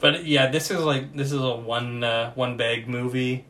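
A man's voice: medium pitch, steady tone, moderate pace, fairly bright tone. A man co-hosting a podcast, rambling casually with lots of fillers about a bad movie. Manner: rambling, filler-heavy storytelling. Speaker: podcast co-host. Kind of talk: casual movie review chat.

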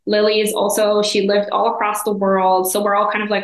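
A woman's voice: mid-range voice, level tone, brisk, hardly any pauses, echoey room, rough recording. A woman from Israel, a guest at an arts council, chatting casually and laughing often in an interview.

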